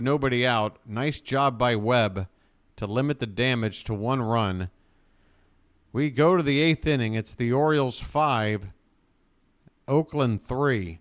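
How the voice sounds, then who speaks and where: A man's voice: mid-range voice, smooth. A man streaming live fan play-by-play of a baseball game, calling the action with joking asides and bursts of ranting.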